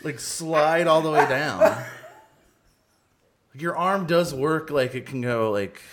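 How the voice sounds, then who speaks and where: A man's voice: fairly high pitch, slow, heavy background noise. A man co-hosting a podcast in casual chat, teasing and filling with "like". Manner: teasing, lots of filler "like". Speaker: podcast co-host.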